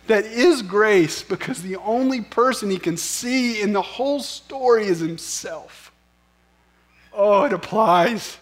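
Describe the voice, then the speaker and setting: A man's voice: high voice, fairly bright tone. A man preaching a sermon as pastor, conversational and self-deprecating, often asking the listeners questions.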